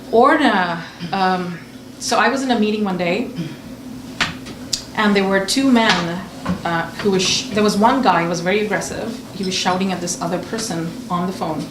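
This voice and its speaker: An expressive woman on a conference panel, recounting stories and acting out the voices of her friends. Her voice reaches a distant mic and rings around a reverberant room, with steady background noise underneath. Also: mid-range voice. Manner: animated storytelling, acting out quoted friends. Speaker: author on a panel. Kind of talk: panel discussion.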